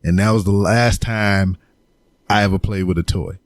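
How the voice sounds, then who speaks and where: A laid-back man hosting a podcast, talking loosely with plenty of fillers. His voice sits a little low. The sound is dry and close. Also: fairly even intonation, moderate pace, no echo. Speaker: host. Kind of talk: casual podcast chat.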